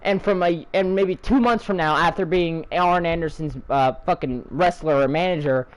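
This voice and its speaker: A young man with a fairly high voice rants with heat and open sarcasm. He swears constantly and drives his points home with mocking disbelief. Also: normal speed, smooth, low-quality recording. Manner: angry, profane, sarcastic, heated. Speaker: channel host ranting. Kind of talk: profane wrestling rant.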